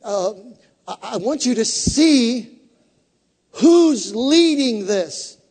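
Pastor, male, very high voice, fervent call-and-response sermon, long hall reverb. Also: lively intonation, drawn-out words, darkish tone, husky.

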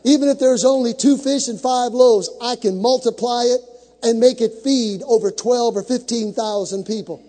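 A man's voice: very high-pitched, moderate pace, dark tone, in a large hall. A male pastor preaching a sermon to a congregation, with dramatic build-ups, acting out the scripture stories he tells.

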